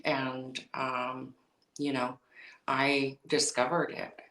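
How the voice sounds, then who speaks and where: A woman's voice: very deep voice, level tone, very slow, a bit bright, echoey room, distant mic, poor audio. A woman as a podcast guest, telling an emotional personal story and acting out remembered conversations. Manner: emotional, recounting with quoted dialogue.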